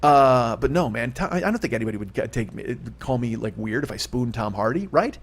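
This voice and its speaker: A man's voice: mid-range voice, expressive, fairly quick, breathy edge. A man in his fifties hosting a solo comedy podcast, rambling and profane with a self-mocking streak. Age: 50s.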